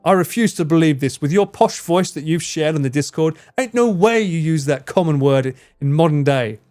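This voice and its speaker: Essex male streamer, lively teasing banter, frequent swearing and laughs, slightly high voice. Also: moderate pace. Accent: English, Essex. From England. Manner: swears a lot, laughs often, animated and teasing. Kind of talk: casual live-stream chat with viewers.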